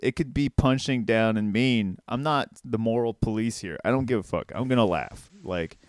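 A man's voice: mid-range voice, moderate pace, no echo. Dry-sounding man in loose, crude banter. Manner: laughs often, swears freely, slips into mock voices. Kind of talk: casual comedic chat.

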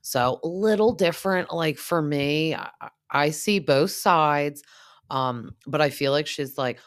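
A young woman hosting a casual recap podcast, talking in a chatty way full of "like" and sometimes dropping into a hushed aside. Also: rumbling low, unhurried. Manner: chatty, heavy use of "like", drops into a hushed aside now and then. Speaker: podcast host recapping reality TV. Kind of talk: casual chat.

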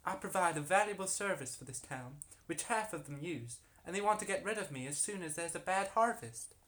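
A man's voice: high voice, lively intonation, a little fast, a bit bright. A man voicing a flirtatious woman, a town harlot accused of witchcraft, with a sugary, sly folksy drawl.

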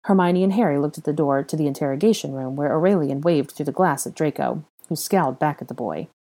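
A woman narrating a story in a low, darkly mellow voice. Her reading is steady and even, with the calm pace of an audiobook. It suits long storybook passages. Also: quick pace. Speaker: reader. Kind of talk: audiobook reading of fan fiction.

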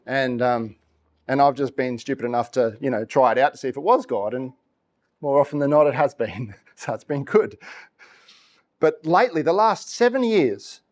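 A middle-aged man preaching a sermon, telling stories with laughs and acted-out voices. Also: mid-range voice. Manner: animated storytelling, laughs often, acts out voices. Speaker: pastor.

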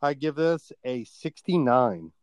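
Male co-host, mid-pitched, upbeat, laughs a lot, dry close mic. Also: sing-song, slow pace, no room sound. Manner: enthusiastic, laughs often. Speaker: podcast co-host. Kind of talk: casual chat.

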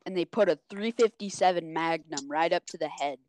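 A man's voice: a little high, brisk, a little mellow, no echo. A teenage boy rambling through a story in casual chat with friends, making crude jokes.

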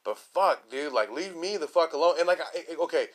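A man's voice: a little high, expressive, fairly quick. A man hosting a comedy podcast, ranting in a rambling way, swearing constantly and leaning on fillers like "you know" and "like". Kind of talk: casual profane rant. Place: lives in a large Texas city.

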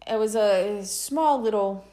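A woman in her thirties chatting casually and recounting a story, breaking into laughter between phrases. Her voice sits at an ordinary middle pitch for a woman, easy and conversational. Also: takes it slowly, mellow. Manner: laughs often while telling a story.

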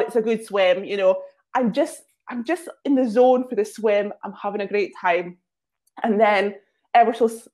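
A woman with a fairly high voice tells casual stories as a guest. Her talk is chatty and self-mocking, peppered with filler words. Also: darkish tone. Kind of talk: casual storytelling.

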